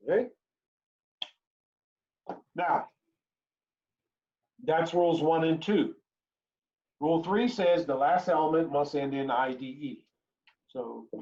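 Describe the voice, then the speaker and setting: A male chemistry teacher with a fairly high voice gives a recorded lecture, walking through the rules step by step. He repeats each key phrase and keeps asking "right?" The sound is dull and lo-fi, like a remote class recording. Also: darkish tone.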